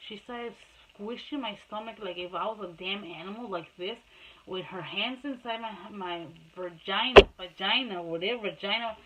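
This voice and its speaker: A woman's voice: medium pitch, moderate pace, very noisy. A woman vlogger telling her own story in a rambling, emotional, candid way, switching between English and Spanish. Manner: rambling, emotional retelling, addresses viewers as guys. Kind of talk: personal storytelling vlog.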